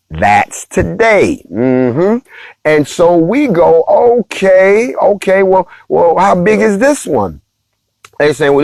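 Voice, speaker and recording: A man's voice: medium pitch, a little mellow, dry recording. A man, hosting a casual morning talk and speaking straight to his viewers in a preachy, playful way. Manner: preachy, playful, addresses the audience directly. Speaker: host.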